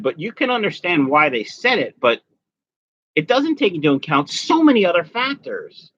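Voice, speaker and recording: Chatty bright-voiced man hosting a live stream. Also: high-pitched, sing-song, normal speed, no echo, lo-fi sound. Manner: chatty, jokey, greets viewers by name. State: has a migraine. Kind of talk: casual live stream chat reading comments.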